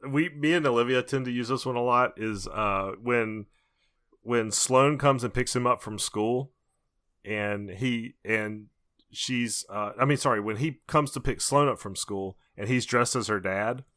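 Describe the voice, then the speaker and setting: A man's voice: medium pitch, measured pace, fairly bright tone, no echo, clean studio sound. A man co-hosting a podcast in casual chat, telling stories and laughing at them. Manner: storytelling, laughs at his own anecdotes. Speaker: podcast co-host.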